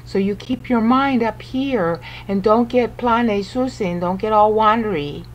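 A woman commentator teaches a screen-recorded Bible study, patiently working through the text and counting syllables aloud. She interrupts herself with small restarts and asides. Her voice is mid-range and measured in pace.

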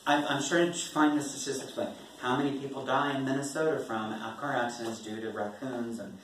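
A man's voice: mid-range voice, fairly even intonation, brisk, a little hiss or hum. A man, a poet, casually telling an audience about his writing in a rambling, wry way, laughing often. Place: performance venue. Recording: echoey room from far off.

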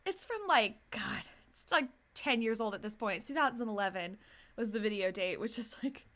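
A woman with a high, bright voice chats loosely to her live stream audience. She giggles at herself often and meanders through her thoughts with plenty of ums and likes. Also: expressive, normal speed. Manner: giggly, self-mocking, rambling with many fillers. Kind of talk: casual chat to a live stream.

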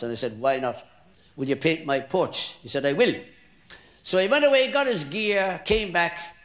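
An older Irish man telling jokes on stage in lilting, theatrical stand-up storytelling that builds to loud punchlines. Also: sits high, lively intonation, moderate pace. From Ireland. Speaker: stand-up comedian. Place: hotel function room with live audience. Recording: roomy live hall with crowd.

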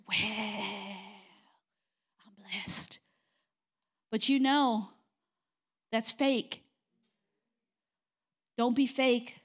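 High pitched woman preacher, middle aged, calling folks out in church, direct and punchy. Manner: direct, confrontational preaching with mocking quoted voices. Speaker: pastor. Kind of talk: sermon. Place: church sanctuary.

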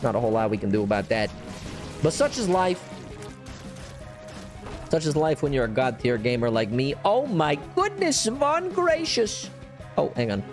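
A man hosting a gaming channel, giving live gameplay commentary at home with a cat on his lap. He is hyper and excitable, jumps from squeals to low mutters, and teases himself playfully as he plays. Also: normal speed, long pauses, over music. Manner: playful self-teasing chatter.

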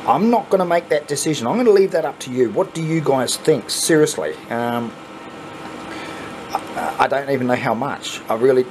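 Excitable Australian man over arcade noise. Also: medium pitch, moderate pace. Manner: excitable, swears when surprised, chatty asides to viewers. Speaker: coin pusher channel host. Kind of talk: casual commentary while playing. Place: arcade coin pusher machine.

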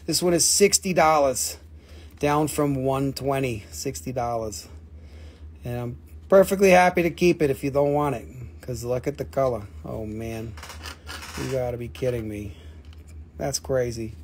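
A man hosting a live mineral sale, excitable and joking with viewers, often swearing. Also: medium pitch, a little slow, a little hiss or hum. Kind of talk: excited live-stream sales patter.

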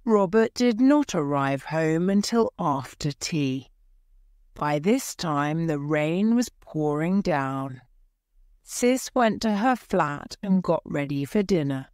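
A woman with a low voice tells a story clearly and slowly, pitched for learners. Her voice is lively in its rise and fall, and the recording is dry and close. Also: no room sound. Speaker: audiobook narrator. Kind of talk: scripted story narration for English learners.

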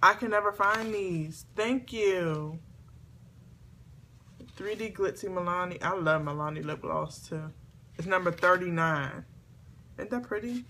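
A woman chatting excitedly to camera as she opens gifts, talking to her viewers at home. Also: fairly low pitch, unhurried, slight background noise. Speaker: beauty vlogger. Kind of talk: casual unboxing chat to camera. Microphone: camera on a tripod.

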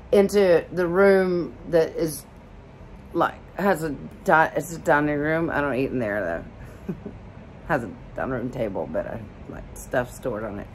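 A middle-aged woman from Alabama with a fairly low voice tells a story in a loose, rambling way, full of fillers and quick laughs. Faint background noise sits under her voice. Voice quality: lively, rambling, lots of "like" and laughs. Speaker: vlogger. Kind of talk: casual storytelling.

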